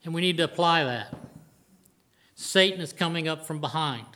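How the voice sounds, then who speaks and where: Older man, preacher; earnest plain-spoken sermon, voice sits a bit high. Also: normal speed, pushed and bright. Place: church before a congregation.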